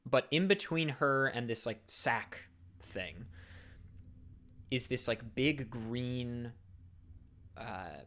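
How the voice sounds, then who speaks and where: A man's voice: mid-range voice, lively intonation, extremely slow, pauses often, fairly bright tone. Male dungeon master, casual, rambling with "like" and "uh". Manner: casual, filler-heavy description. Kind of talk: narrating a tabletop game.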